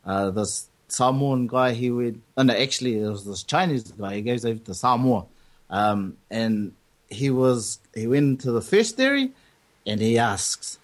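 A man's voice: medium pitch, animated, measured pace. A Māori-speaking man hosting a casual podcast, rambling and joking. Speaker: podcast host.

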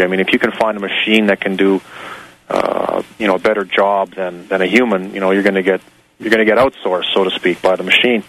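A man's voice: fairly low pitch, fairly bright tone, poor audio. A man speaking as a guest on a talk radio show, rambling with many fillers and a sarcastic edge. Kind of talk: rambling on-air commentary.

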